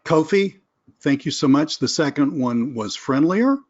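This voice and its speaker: A man's voice: a little high, animated, measured pace, highs cut off. Casual sales trainer, man. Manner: casual, conversational, acts out phone calls. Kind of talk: live webinar teaching with role-play calls.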